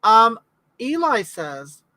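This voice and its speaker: Middle-aged woman hosting a live chat, rambling and chatty, crisp bright tone, dry close sound. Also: a little high, very animated, extremely slow, no room sound, rough recording. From California. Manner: rambling, reads out viewer comments and answers them. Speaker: livestream host.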